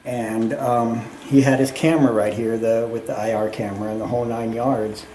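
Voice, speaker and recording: A man tells a spooky tour story in a warm, mellow voice, acting out the lines of the people in it. His voice rings in a roomy underground tunnel. A faint hiss sits under it all. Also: mid-range voice, normal speed. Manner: animated retelling with acted quotes. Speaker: tour guide. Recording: echoey tunnel, faint noise.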